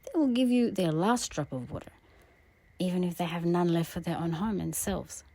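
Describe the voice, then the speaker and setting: Woman, deep voice, gravelly fry, astrologer's reflective talk, soft half-whispers, earnest. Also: moderate pace, no room sound. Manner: soft-spoken, often dropping into a breathy half-whisper; earnest and heartfelt. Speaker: astrologer and tarot reader. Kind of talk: reflective spiritual monologue with a personal story.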